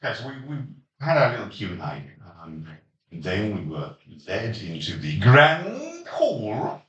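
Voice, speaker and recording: Host, male, deep voice, dry teasing humor, chuckles, roomy distant mic. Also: wildly swooping pitch, measured pace, a bit bright, dull audio. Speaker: podcast host leading the discussion. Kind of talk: casual podcast chat.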